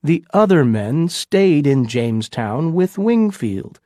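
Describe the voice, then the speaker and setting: A man reads a storybook for learners in a slow, clear voice. His pitch is somewhat high and lively. The sound is close and dry. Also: no room sound. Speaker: audiobook narrator. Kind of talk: scripted narration for learners.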